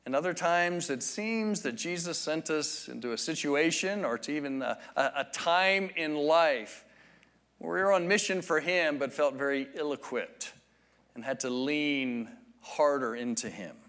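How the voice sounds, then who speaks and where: Guy preaching a sermon, kinda higher voice, slow thoughtful teaching, lots of restarts. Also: lively intonation, fairly bright tone. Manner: measured, reflective teaching with frequent restarts. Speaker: pastor.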